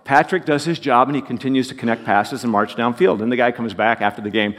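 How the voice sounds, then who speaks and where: A man's voice: mid-range voice, fairly even intonation, fast talker, hardly any pauses, fairly bright tone, in a large hall. A man preaching a sermon as pastor, folksy and joking as he tells stories.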